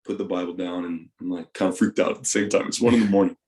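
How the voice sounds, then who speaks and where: A young man, a retired football player, telling his story in a candid interview. He talks animatedly and swears freely, and his voice swings between loud bursts and hushed asides. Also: deep voice, fast talker.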